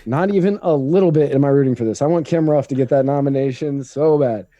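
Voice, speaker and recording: A man's voice: mid-range voice, quick pace, mellow, no room sound, highs cut off. A man co-hosting a podcast, giving opinionated, rambling political takes in casual chat. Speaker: podcast co-host.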